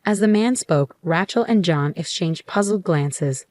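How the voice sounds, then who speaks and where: A woman reading a first-person story aloud in an even, measured way. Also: on the low side, no room sound. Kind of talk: scripted first-person narration.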